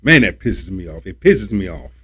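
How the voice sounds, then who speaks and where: A man's voice: sits low, sing-song, normal speed, a bit bright, slightly rough. A man hosting a livestream, ranting about politics in a preachy, repetitive, emphatic way and swearing when he gets worked up. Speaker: livestream host.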